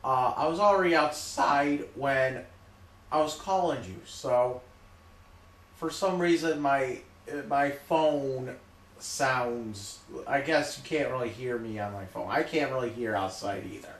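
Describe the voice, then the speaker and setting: A man talking loudly in an emphatic, repetitive rant, often checking in with "okay?". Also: mid-range voice, a little slow, echoey room. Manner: loud, repetitive, emphatic, keeps saying okay. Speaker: vlogger. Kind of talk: ranting monologue to camera.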